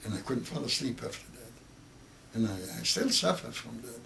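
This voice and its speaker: A man in his eighties with Yiddish as his first language, telling a story with halting, repeated words that grow emotional. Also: mid-range voice, very animated, creaky, bright, forceful tone. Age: 80s. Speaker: interviewee. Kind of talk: oral history interview.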